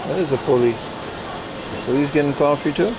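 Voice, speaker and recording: A man's voice: fairly high pitch, fairly quick, background noise. Chatty man streaming outdoors in rain. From Netherlands. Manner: chatty, rambling, laughs often. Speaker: livestream host. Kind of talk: casual IRL livestream chat. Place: outdoors on rainy mountain town streets, walking.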